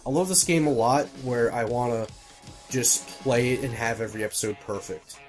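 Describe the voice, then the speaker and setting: A man's voice: medium pitch, normal speed. Young man, casual let's-play chatter, swears, bossy about directions, faint game music behind. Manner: excitable, swears, directs the player. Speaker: let's-play co-host and editor. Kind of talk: casual gaming chat. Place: home room with TV game audio.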